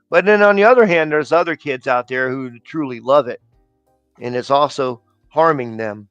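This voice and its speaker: Guy chatting on a livestream, smooth clean voice, dry close sound, faint music behind, rambling. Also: fairly high pitch, animated, a little fast, a bit bright, no room sound, highs cut off. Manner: loose rambling with filler and slang. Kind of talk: casual livestream chat.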